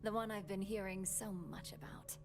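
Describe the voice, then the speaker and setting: An actress playing a poised, commanding executive in a video game, speaking in a cool, measured tone over game music. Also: female voice, mid-range voice, fairly even intonation, lightly acted. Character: poised, commanding woman executive, head of operations. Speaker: corporate executive.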